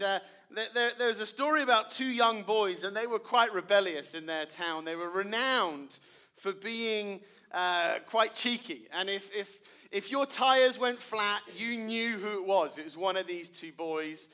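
A man, a pastor preaching a sermon and telling a story, earnest, with dramatic drops to quiet. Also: sits high.

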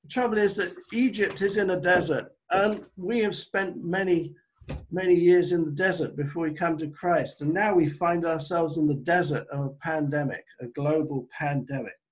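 Man, pastor, sermon on a video call, earnest, chatty, self-deprecating, fairly high voice. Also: moderate pace, slightly rough. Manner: earnest, conversational preaching with self-deprecating asides. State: recovering from illness.

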